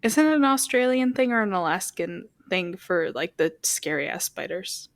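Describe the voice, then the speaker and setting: A giggly young woman co-hosting a relaxed podcast, telling little stories about her day. The sound is dry, with no room around her voice. She often dissolves into laughter mid-sentence. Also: mid-range voice, no echo. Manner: giggly, storytelling, quick bursts of laughter. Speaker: podcast co-host. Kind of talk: casual chat.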